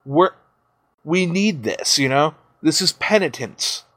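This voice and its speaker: A man's voice: fairly high pitch, expressive, takes it slowly, a bit bright, dry recording, pitched above the performer's own voice, heavily acted. An exasperated, brooding lord of dreams protests in disbelief, as a man puts him on. The voice is pushed up and indignant. The recording is close and dry.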